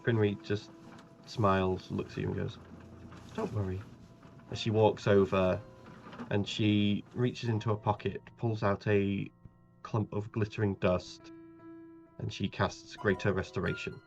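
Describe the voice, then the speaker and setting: Man game-mastering in a measured, halting voice, dull audio with faint music. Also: lowish voice, level tone, gravelly, a little mellow. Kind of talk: narrating a tabletop game.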